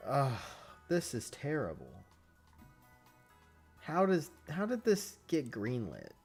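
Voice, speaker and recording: A man hosts a live stream in a loose, chatty way, reacting out loud and greeting viewers by name. His voice swings up and down with lots of life, yet he talks at a slow, drawn-out pace. Faint music plays underneath. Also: medium pitch, huge pitch swings, gravelly, breathy edge. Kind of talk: casual live-stream chat.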